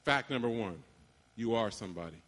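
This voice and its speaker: Bright-voiced male preacher in a hall. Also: fairly low pitch, animated. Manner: emphatic, dramatic pauses, call-and-response. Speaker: preacher addressing graduates. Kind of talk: sermon. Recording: long hall reverb.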